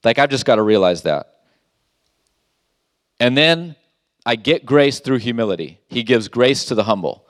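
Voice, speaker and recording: A man's voice: medium pitch, animated, moderate pace, pauses often, dry recording, studio quality. Emphatic male pastor preaching. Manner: emphatic, rhetorical questions, reads scripture aloud. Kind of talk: sermon.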